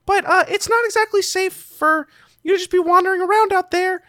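A man doing a young goblin, high and fast. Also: sharp tone, no room sound, clean studio sound. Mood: wary. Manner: rambling, halting. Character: young male goblin host, nervous and chatty.

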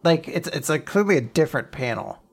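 A woman with a deep, creaky, husky voice talks briskly as she co-hosts a casual podcast chat. She recaps a manga chapter with animated energy, acting out the characters' lines and laughing along.

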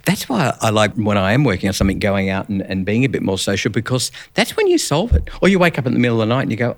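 A man speaking as a guest in a relaxed theatre conversation, acting out his own thoughts in little quoted asides. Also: lowish voice, fast, few pauses. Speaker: guest, writer. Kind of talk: casual conversation.

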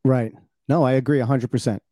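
Easygoing man in his sixties, mellow. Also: mid-range voice, steady tone, brisk, dry recording. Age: 60s. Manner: easygoing, agreeing, laughing along. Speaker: podcast host. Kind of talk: casual podcast chat.

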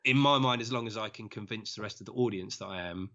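Male comedian guest, chatty storyteller with frequent laughs; bright tone, muffled lo-fi recording. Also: on the low side, fast. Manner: chatty, laughs often while telling stories. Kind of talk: casual podcast chat.

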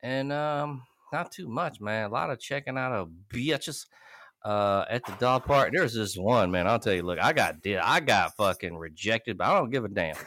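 Male podcast co-host, bright and animated, laughs a lot, dry close mic. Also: lowish voice, normal speed, dry recording. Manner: animated, laughing, loud quoting bursts. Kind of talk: casual profane storytelling.

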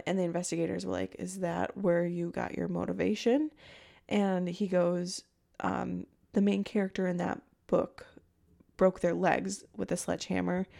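A woman's voice: mid-range voice, creaky, mellow. A young woman hosting a true crime podcast, retelling a case in a chatty, emotional way with many fillers. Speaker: podcast host. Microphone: podcast microphone.

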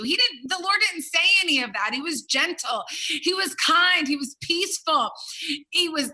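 Bright high-voiced woman preaching. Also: expressive, measured pace, poor audio. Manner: emphatic preaching, swinging from loud stresses to hushed low tones. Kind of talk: sermon.

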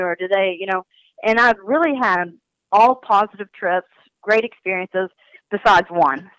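Crisp-voiced woman fishing guide, animated. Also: mid-range voice, no echo, poor audio. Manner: animated, acts out quoted remarks. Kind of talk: candid interview talk.

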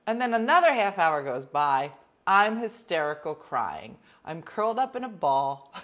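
Casting: talkative woman host, slightly low voice, very animated delivery, rambling with whispered asides. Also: a little slow. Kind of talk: casual chat.

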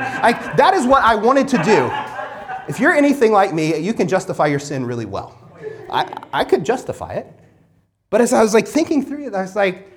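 A man's voice: high-pitched, sing-song, fairly quick. A man preaching a sermon as pastor, earnest, asking the listeners one rhetorical question after another and often restarting his phrases.

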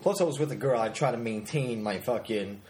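A man's voice: mid-range voice, a little fast, a little mellow. A man on a podcast telling a crude story in a loose, rambling way, sitting too far from the mic. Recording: roomy with faint background noise.

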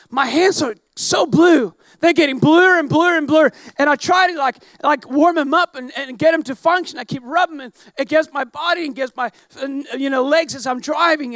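A man delivers a lively sermon in a strikingly high voice, laughing at himself as he tells a story. He breaks into shouts as the story builds. The sound is dry and close, with no room echo. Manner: animated, self-mocking, often shouting. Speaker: pastor. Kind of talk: storytelling sermon to a live audience.

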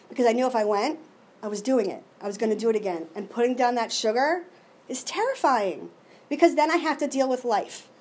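A middle-aged woman tells her recovery story in a fairly high voice. She speaks with deep emotion and expression, often stopping to restart a sentence. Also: darkish tone. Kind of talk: personal recovery share.

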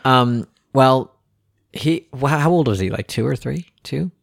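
A man co-hosting a podcast, telling stories in a lively casual chat and putting on kids' voices. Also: medium pitch, a little slow, vocal fry, no echo, clean studio sound. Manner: animated storyteller, puts on kids' voices. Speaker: podcast co-host.

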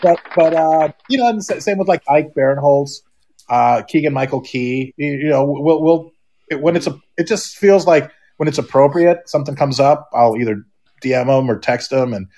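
A man's voice: on the high side, normal speed, dark tone. A middle-aged man, a podcast guest, talking casually and rambling, with many restarts and fillers. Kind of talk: casual chat.

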